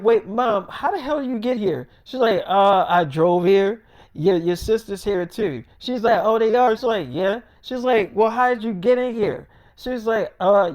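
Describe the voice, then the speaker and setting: A man's voice: sits high, smooth. Rambling, boastful slangy man. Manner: boastful, slangy street talk; rambling, repeats fillers like "like". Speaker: storyteller. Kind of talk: rambling casual monologue.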